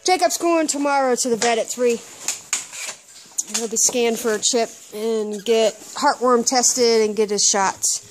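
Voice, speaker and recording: A woman's voice: on the high side, a little slow, soft background music. A woman filming her dog in its kennel and talking to it in sing-song, coaxing baby talk, with plenty of repetition. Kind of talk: casual video talking to a pet.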